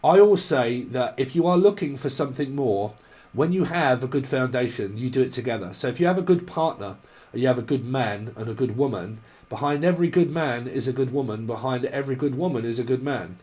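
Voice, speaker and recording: This man delivers a casual tarot reading in a vlog. He rambles through irreverent tangents and laughs often. His voice sits in a middle pitch range. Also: brisk, darkish tone. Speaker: tarot reader.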